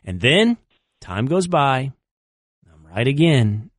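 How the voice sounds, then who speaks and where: Lively, sarcastic male sports radio host. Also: mid-range voice, slow pace, no echo, studio quality. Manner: animated, sarcastic and combative.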